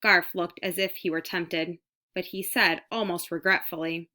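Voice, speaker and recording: A woman narrating a children's storybook aloud, reading clearly at an even pace. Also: on the low side, normal speed. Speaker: audiobook reader.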